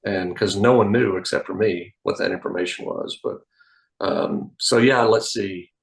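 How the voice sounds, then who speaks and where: Gravelly-voiced man telling stories. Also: deep voice, moderate pace, low-quality recording. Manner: animated anecdotes, acts out quoted voices. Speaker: magician guest. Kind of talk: casual interview storytelling. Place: podcast studio.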